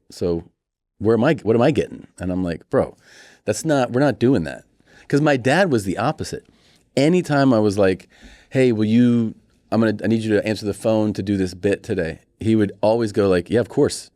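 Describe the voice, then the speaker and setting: A man's voice: fairly low pitch, normal speed, no echo, studio quality. A man in his forties telling funny family stories as a podcast guest, acting out quoted voices as he goes. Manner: animated storyteller, acts out quoted voices. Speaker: comedian guest. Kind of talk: casual storytelling interview.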